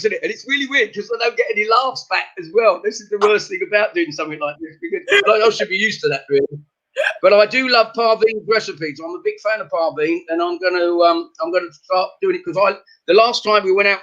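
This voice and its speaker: Male comedian, high bright voice, one-liners, dull video-call sound. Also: brisk. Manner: rattles off one-liners, laughs at his own jokes. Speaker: comedian guest. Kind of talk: stand-up jokes in casual chat.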